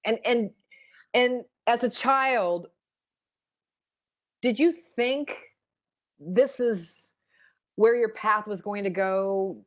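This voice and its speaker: A woman's voice: medium pitch, very slow, pauses often. A woman hosting an interview show, asking questions in an encouraging, gushing way. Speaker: radio interview host. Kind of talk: casual interview chat. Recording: dull lo-fi sound.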